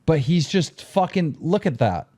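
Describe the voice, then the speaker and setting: A man's voice: fairly high pitch, unhurried. A man on a podcast telling a story with lots of swearing, acting out what others said. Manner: excitable, swearing, acts out quotes. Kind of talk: animated storytelling with profanity.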